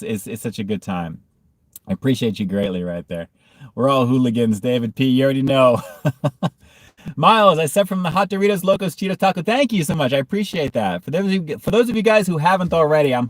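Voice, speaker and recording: A man's voice: mid-range voice, no room sound, studio quality. A man hosting a casual food review livestream, reading chat comments and often breaking into hard laughter.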